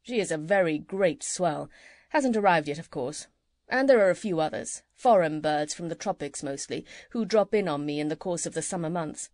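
A woman voicing a gentle, kindly male country doctor who chats fondly, in a lowered voice. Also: expressive, normal speed, no echo. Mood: fond, chatty.

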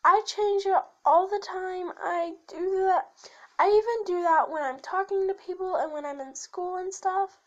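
Teen girl vlogging, very high-pitched, slow unhurried talk, rambling, lots of fillers, voice keeps shifting. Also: lo-fi sound. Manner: rambling, sidetracked, shifts her voice back and forth; hesitant with many fillers and restarts. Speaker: channel host. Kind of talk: casual chat to camera.

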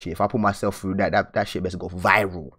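A young man chats loosely with viewers while he draws, full of slang and easy laughs. His voice sits very low, and he talks the way a host does on a relaxed live stream. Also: quick pace. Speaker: art channel host. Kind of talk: casual live-stream chat while drawing.

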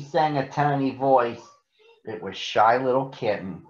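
A man reading a picture book aloud to children in a gentle, expressive way. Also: medium pitch, unhurried. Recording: echoey, muffled room recording.

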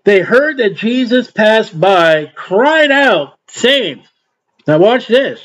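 A man's voice: high-pitched, expressive, takes it slowly, a bit bright. An older man preaching an informal Bible sermon in a folksy way, acting out quotes and adding asides. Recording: dull lo-fi recording.

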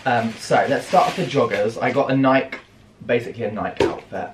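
A man's voice: mid-range voice, normal speed, noisy background. Young British man, fashion vlogger, gushy and theatrical, echoey room with faint ambience behind. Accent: British English. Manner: gushing, theatrical gasps and squeals. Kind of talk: casual haul video chat.

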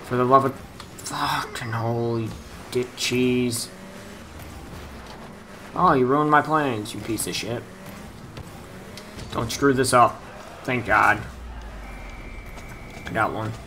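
A man's voice: mid-range voice, slow, long pauses, pushed and bright, slight background noise, poor audio. A young man commenting on his own gameplay, frustrated, muttering and swearing at his opponents. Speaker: gaming youtuber.

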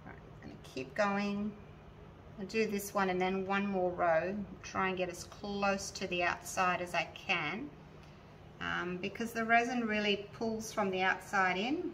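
A woman's voice: medium pitch, steady tone, measured pace, fairly bright tone, recorded from a distance, low-quality recording. A woman chats her way through a hands-on craft demo, talking straight to her viewers as she works. She sits a little back from the mic, and a faint hiss runs underneath. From Australia. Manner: chatty, narrates each step aloud as she works, talks to viewers directly. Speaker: resin artist showing her craft. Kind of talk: casual hands-on craft tutorial. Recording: mic a little away, faint background noise.

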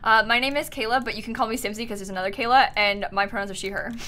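A woman streamer hosting casual game chat with friends, animated and shrieking between laughs. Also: on the high side, rapid-fire. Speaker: streamer and host.

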